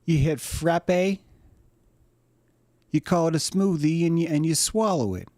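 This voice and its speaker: A man voicing a proud, fussy chef who complains in a quick, aggrieved way. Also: fairly high pitch, dark tone, dry recording, studio quality, voice pushed up, natural voice. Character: wounded, fussy male chef, proud of his cooking.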